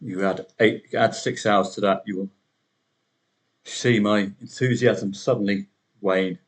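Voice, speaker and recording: A man's voice: on the low side, fairly even intonation, measured pace. Chatty man hosting a betting podcast. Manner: chatty, wry asides. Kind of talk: solo podcast commentary.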